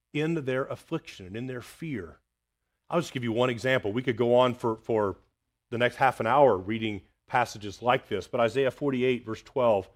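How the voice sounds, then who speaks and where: A man preaching a sermon, reading scripture aloud and dropping quiet and low for the words of God. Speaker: pastor.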